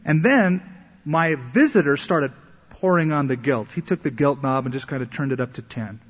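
A pastor with a slightly high, somewhat rough voice preaches a sermon at a moderate pace, telling a story and acting out the voices of its characters. The recording sounds echoey, as if in a hall, with a dull lo-fi quality.

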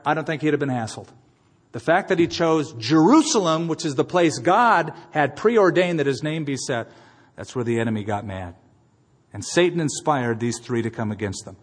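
A man preaching a sermon as pastor and leading a closing prayer, emphatic, moving between quiet and loud passages. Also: fairly high pitch, normal speed. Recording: long hall reverb.

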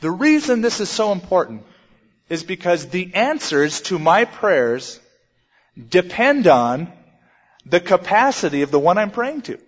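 Man preaching, slightly high voice, big pauses, long echo, kinda muffled. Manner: emphatic, dramatic pauses, lively swings in pitch. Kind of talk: sermon. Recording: dull sound with long hall reverb.

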